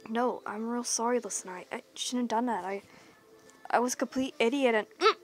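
A woman voicing a remorseful young boyfriend in a whispered role-play, talking in a hushed, apologetic way with some swearing. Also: on the high side, a little fast, faint music behind, close to an everyday voice. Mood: soothing. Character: remorseful young boyfriend, jealous, hot-tempered.

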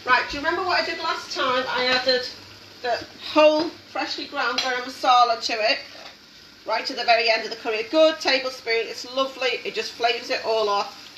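A woman hosts a casual cooking demonstration, chatty and encouraging as she works. Her voice sits fairly high. She is recorded in an echoey home kitchen from some distance, with steady noise behind her. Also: a little fast. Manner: chatty, encouraging, talks while working. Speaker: cooking show host.

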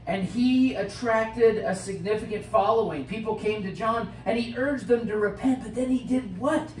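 A man with an American accent, a pastor preaching a sermon with expressive swings from loud to hushed. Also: high voice, moderate pace. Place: church sanctuary. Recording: roomy church sound from a distant mic, faint hiss.

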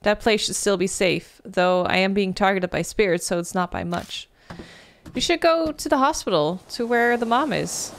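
A woman reading a visual novel aloud as she plays, breaking into loud, animated exclamations and swearing. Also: mid-range voice, moderate pace. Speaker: gaming video creator.

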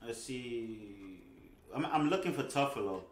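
A man's voice: mid-range voice, expressive, unhurried, reverberant. A young man hosting a casual gaming livestream, talking laid-back with his friends and often repeating himself. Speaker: livestream host. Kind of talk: casual gaming stream chat.

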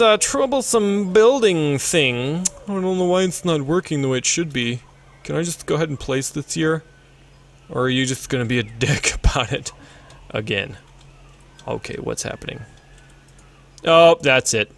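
A man hosting a let's play, giving casual, excitable gameplay commentary and mocking himself when things go wrong. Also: on the high side. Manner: excitable, self-mocking, swears when frustrated.

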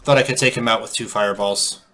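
Bright, playful man commenting on gameplay. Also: fairly low pitch, steady tone, fast talker, faint music behind. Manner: playful, chatty, reacts aloud. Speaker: let's play host.

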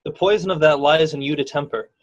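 A sly, plotting henchman, played by a teenage boy, with a conspiratorial way of talking. His voice sits a bit high. The sound comes through muffled video-call audio. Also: fast talker, natural voice. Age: late teens. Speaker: student actor.

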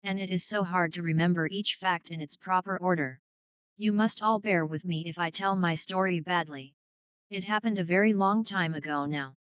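A woman voicing a modest, gently rambling elderly spinster lady in a dry, dull recording. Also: fairly low pitch, normal speed, no room sound, close to an everyday voice. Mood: gentle. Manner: modest, rambling, softly spoken.

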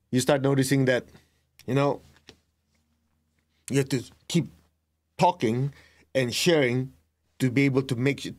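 A middle-aged man giving a spiritual lesson as a meditation teacher, talking deliberately and telling students to write points down. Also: medium pitch, darkish tone. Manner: slow, deliberate, tells students to write things down; laughs at himself, acts out remembered exchanges.

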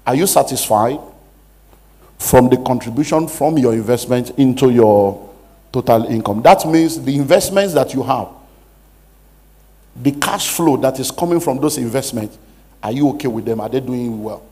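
A man's voice: mid-range voice, moderate pace, pauses often, warm tone, slightly rough. A man who is a pastor, giving a preaching-style money lecture with emphatic rhetorical questions. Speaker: pastor teaching a money seminar.

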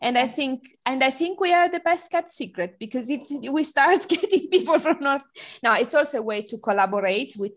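Lively woman host. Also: high voice, moderate pace. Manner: lively, laughs often. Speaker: seminar host. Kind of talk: casual academic chat on a video call. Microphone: video call.

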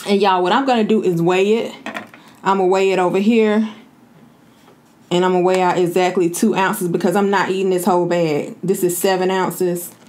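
A woman's voice: fairly low pitch, steady tone, moderate pace, darkish tone, slight background noise. A woman hosting her own vlog, chatting casually and informally with her viewers. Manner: chatty, informal, often addresses viewers as y'all. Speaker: vlogger host. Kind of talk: casual chat to camera.

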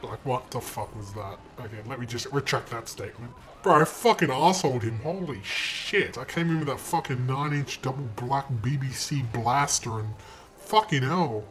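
Dude yelling and cursing over a racing game, sarcastic, loud bursts now and then. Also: male voice, mid-range voice, moderate pace. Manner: crude, sarcastic trash talk at other drivers; sudden loud outbursts and shouting. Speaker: gaming channel host. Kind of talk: profane gameplay commentary. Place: room at home. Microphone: desk mic.

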